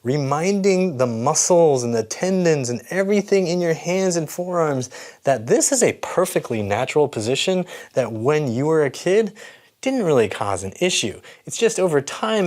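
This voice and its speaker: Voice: mid-range voice, a little mellow. Patient, encouraging fitness coach. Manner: patient, encouraging, explains step by step. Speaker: fitness coach and channel host. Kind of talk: exercise instruction to camera.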